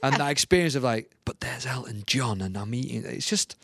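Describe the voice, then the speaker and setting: A man with a gravelly voice tells his story in a lively, casual way, jumping up high whenever he imitates other people. The sound is close and dry. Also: brisk, no echo. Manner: animated, mimics voices with big pitch jumps. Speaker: podcast guest.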